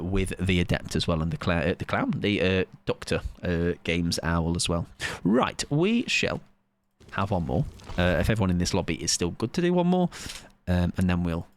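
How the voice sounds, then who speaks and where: A British man in his thirties, a game streamer chatting casually and joking with his lobby while he plays. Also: deep voice. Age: 30s. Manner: chatty, joking, rambling with fillers. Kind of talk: casual chat while gaming.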